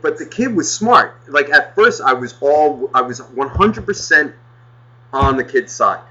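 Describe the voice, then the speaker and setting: A man's voice: mid-range voice, bright, forceful tone, dull audio. A man telling a story in a casual, exasperated rant, swearing heavily as he goes. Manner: profane, exasperated, heavy swearing. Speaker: podcast co-host.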